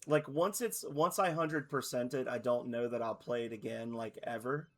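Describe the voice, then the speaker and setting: A man in his thirties chatting casually on a stream, rambling and correcting himself, his voice a little hoarse. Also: medium pitch, steady tone, normal speed, a bit bright. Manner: rambling, loose, self-correcting. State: slightly hoarse.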